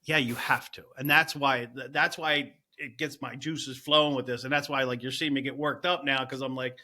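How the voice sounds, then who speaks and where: A middle-aged man working as a real estate agent, a podcast guest talking in energetic bursts full of "you know" and "right?". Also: medium pitch, moderate pace. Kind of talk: casual interview chat.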